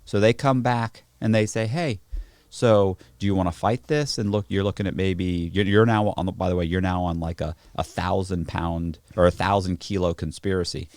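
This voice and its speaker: A man telling stories in casual podcast chat, profane and animated, acting out the people in them. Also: low voice, moderate pace, dry recording. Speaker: podcast guest. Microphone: podcast studio mic.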